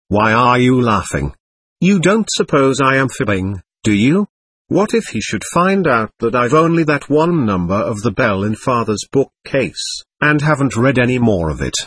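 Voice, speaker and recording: A man reading an audiobook, voicing a proud, argumentative teenage boy who lectures earnestly and takes offence quickly. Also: medium pitch, a bit bright, breathy edge, no echo. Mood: confiding.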